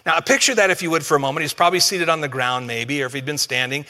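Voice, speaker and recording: A man's voice: fairly high pitch, quick pace, sharp tone, big-room sound. A male pastor preaches a conversational sermon with humor and speaks directly to his congregation.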